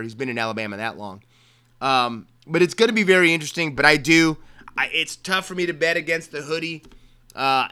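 A man's voice: on the high side, pushed and bright, clear, resonant tone. A man from Maryland hosting a sports show, giving casual football picks with joking asides and repeated phrases. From Maryland, USA. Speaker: sports podcast host.

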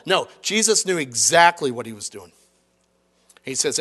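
A middle-aged man preaching a sermon in a conversational, animated way, acting out quoted lines. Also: medium pitch, moderate pace. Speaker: pastor.

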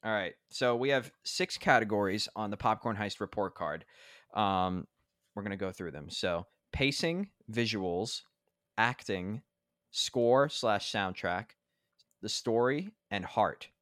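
A man's voice: fairly low pitch, animated, slow, a bit bright, dry recording, clean studio sound. A man co-hosting a podcast, chatting casually about a movie with lots of filler words and restarts. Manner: rambling, filler-heavy, lots of 'like'. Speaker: podcast co-host. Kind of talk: casual movie review chat.

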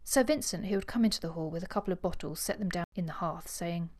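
A woman's voice: lowish voice, fast. A woman co-hosting a book podcast who reads a novel passage aloud with acted dialogue, then chats casually. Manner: expressive reader, acts out dialogue, laughs easily. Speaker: podcast co-host.

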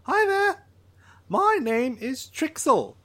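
An excitable little alien chatters away in a high, fluttering voice, forever losing his words, as a man puts him on. The pitch swoops up and down. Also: takes it slowly, full character voice. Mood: excited rambling. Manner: rambling, fussy, searching for words.

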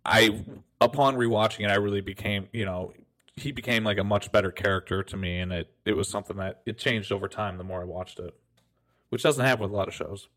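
A man's voice: on the low side, a little fast, a bit bright. A man co-hosting a podcast in a casual, chatty way, often correcting himself mid-sentence. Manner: chatty, self-correcting, laughs easily. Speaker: podcast co-host. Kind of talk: casual chat.

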